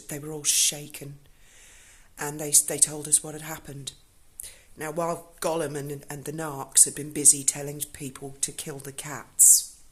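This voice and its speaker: Low-voiced blunt woman. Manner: emotional, blunt, swears freely. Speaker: vlogger telling a personal story. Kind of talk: casual spoken storytelling.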